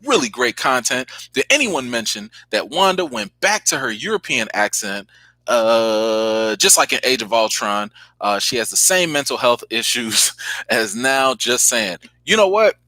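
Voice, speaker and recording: A man hosts a live reaction chat and calls out to his viewers. His bright, forceful voice leaps around in pitch. The sound is dry and close. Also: a little slow, dry recording. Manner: animated, exclaiming, talks straight to viewers. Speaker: host.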